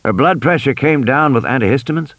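A man voicing a calm, assured American field biologist with a soft Southern accent in an audiobook. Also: mid-range voice, a little fast, dry recording, voice pushed up.

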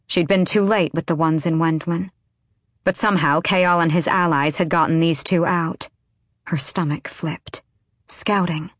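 A woman narrating a fantasy audiobook in a steady, measured way. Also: deep voice, no room sound, studio quality. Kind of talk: scripted narration.

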